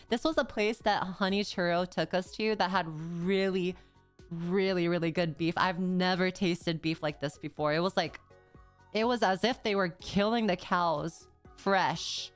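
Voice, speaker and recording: Young female streamer, casual rambling chat; low-ish, smooth tone over faint music. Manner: rambling, casual slang, frequent "like". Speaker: VTuber streamer.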